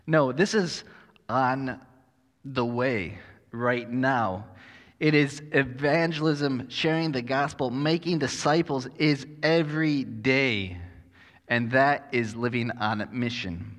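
A man's voice: medium pitch, slow pace, a bit bright, long reverb tail. A man preaching a sermon as pastor, conversational and self-deprecating with touches of humor.

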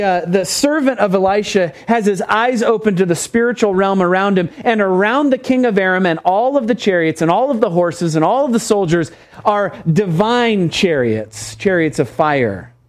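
Male pastor, high voice, emphatic, repetitive sermon delivery. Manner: emphatic, repeats phrases and calls for amens.

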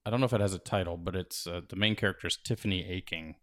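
A man's voice: deep voice, very fast, a bit bright. A man and father talking casually about reading books to his children, enthusiastic and a bit rambling. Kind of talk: casual chat.

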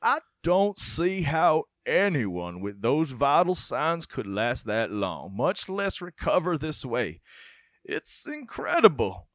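A man voicing a small-town male doctor with a put-on Southern US accent, speaking slowly in an awed drawl. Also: fairly high pitch, very animated, a bit bright, no room sound, studio quality, heavily acted. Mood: amazed.

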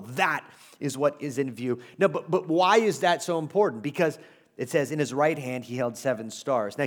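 A pastor preaching a sermon to his congregation, conversational and emphatic, with asides and humor. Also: on the high side.

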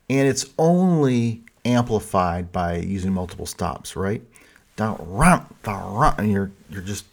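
A man's voice: lowish voice, a little mellow. A middle-aged man giving a music lecture. He talks thoughtfully, with many fillers and restarts, and counts and sings rhythms aloud to show his points. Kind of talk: explanatory lecture with sung rhythm examples.

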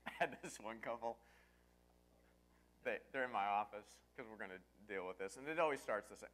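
A man preaching as a pastor, telling a story with lively swings from quiet asides to yelling. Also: mid-range voice, moderate pace, pauses often. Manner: storytelling, animated, breaks into yelling and laughter. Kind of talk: sermon.

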